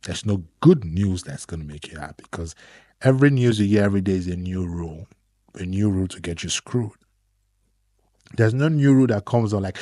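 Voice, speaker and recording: Husky man. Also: low-pitched, a little fast, no echo. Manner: complaining, animated storytelling. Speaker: vlogger. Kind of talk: casual vlog monologue.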